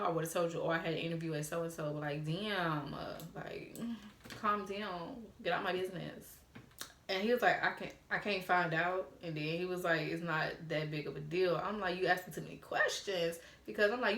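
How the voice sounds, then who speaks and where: The same young woman, her voice lowish with a fairly bright tone, keeps telling her story in a frank, casual way, swearing freely and mimicking the texts sent to her. The recording carries a roomy echo.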